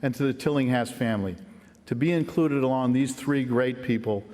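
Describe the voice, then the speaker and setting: A middle-aged man at a lectern in a large ceremony hall, his words trailing off into a long, ringing reverb. He talks in an earnest, folksy way, warmly spinning anecdotes for the crowd in a voice of ordinary middle pitch. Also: normal speed. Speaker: hall of fame inductee. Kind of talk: acceptance speech with storytelling.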